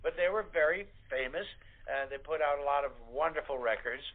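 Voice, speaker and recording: A man's voice: on the high side, a little fast. An older man, a guest actor, telling rambling anecdotes in a casual interview, with many fillers. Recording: tinny phone line.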